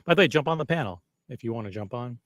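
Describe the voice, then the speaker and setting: A man's voice: medium pitch, animated, quick pace, fairly bright tone, dry recording, clean studio sound. A man hosting a casual live stream, rambling and self-deprecating as he chats with viewers. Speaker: livestream host.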